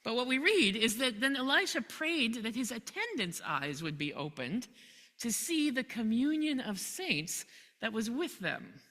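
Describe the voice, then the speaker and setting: Brief: conversational woman preacher, chuckles, bright and animated; reverberant church. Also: a little high, unhurried. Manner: conversational storytelling, chuckles often. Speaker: pastor. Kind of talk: sermon. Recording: long hall reverb.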